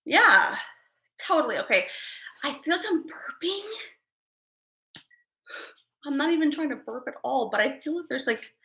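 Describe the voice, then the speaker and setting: A woman's voice: high voice, lively intonation, measured pace, gravelly, pauses often, pushed and bright. A woman hosting a casual livestream, chatting straight to her viewers in a hyper, self-amused way. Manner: talks straight to viewers, often laughing at herself. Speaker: livestream host. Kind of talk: casual live-chat talk.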